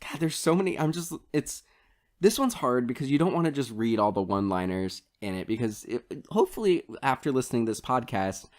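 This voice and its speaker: A man's voice: medium pitch, big pitch swings, a little fast. A male podcast co-host in a loose, conversational film review. He hedges constantly, restarting sentences and leaning on filler words as he builds his case. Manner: hedging, many fillers and restarts. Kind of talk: casual film review chat.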